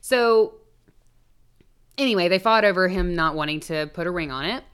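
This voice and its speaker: Her pitch is fairly low and her tone clean and a bit bright, delivered at a moderate pace. She co-hosts a podcast, telling a true-crime story in easygoing chat with plenty of swearing and jokey digressions.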